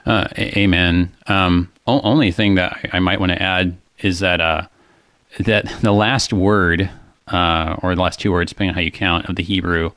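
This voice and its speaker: Casual co-host, male, deep voice, dry close sound, thinks aloud with frequent fillers. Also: fairly even intonation, moderate pace, a bit bright, no room sound. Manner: thoughtful, many fillers and restarts. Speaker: co-host discussing a psalm. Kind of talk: casual theological discussion.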